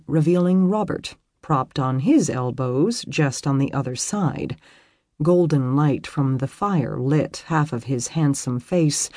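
Audiobook narrator, pitch swings all over, kinda husky, super dry close sound. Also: no room sound. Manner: expressive, lively storytelling. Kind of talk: scripted narration of a romance novel.

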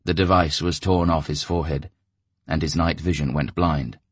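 Male audiobook narrator, very deep, husky, dry close sound. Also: steady tone, moderate pace, dry recording.

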